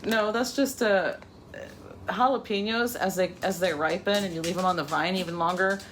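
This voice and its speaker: A woman's voice: fairly low pitch, normal speed, a little hiss or hum. A middle-aged woman chatting casually in her home kitchen, laughing often as she cooks for a vlog. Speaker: vlogger. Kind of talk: casual cooking vlog chat.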